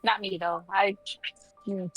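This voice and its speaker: Female stream guest, mid-pitched, rambling and foul-mouthed. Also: level tone, takes it slowly, husky, no echo, dull audio, faint music behind. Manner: rambling, heavy filler words, swears casually. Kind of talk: casual livestream chat.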